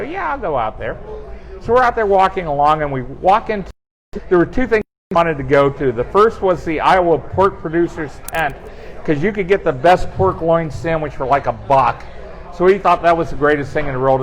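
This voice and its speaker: A man telling animated, funny anecdotes in a casual chat, acting out quoted dialogue. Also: a little high, rough recording. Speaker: guest storyteller on team talk show. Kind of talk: casual storytelling.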